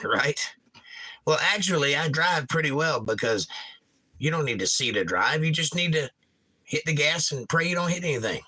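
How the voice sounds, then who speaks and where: A middle-aged man hosts a relaxed livestream, reading out viewer comments and riffing on them with dry jokes. His voice is very bright and forward, sitting at an ordinary pitch for a man. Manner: jokey, reads viewer comments aloud and riffs on them. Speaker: livestream host reading chat. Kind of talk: casual livestream chat.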